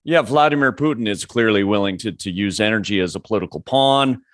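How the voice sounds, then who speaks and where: Podcast host with a dry, close sound. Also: male voice, fairly low pitch, a little fast, dry recording. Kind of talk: conversational interview.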